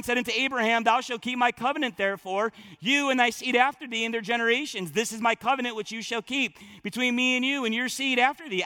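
A man preaching a sermon in a notably high voice with a bright, forceful edge. He reads scripture aloud, then breaks into lively, conversational asides to the congregation. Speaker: pastor.

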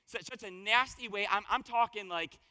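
A man preaching a conversational sermon as pastor, his voice a little hoarse, telling stories and asking the congregation questions. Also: high voice, moderate pace, bright, forceful tone, in a large hall. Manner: conversational, storytelling with rhetorical questions. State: slightly hoarse voice.

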